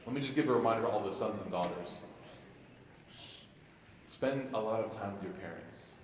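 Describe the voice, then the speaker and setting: Young imam, low voice, echoey hall. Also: male voice, moderate pace, distant mic, a little hiss or hum. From Egypt (family), raised in Chicago. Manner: emotional, storytelling with jokes and rhetorical "right?". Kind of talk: mosque talk to youth.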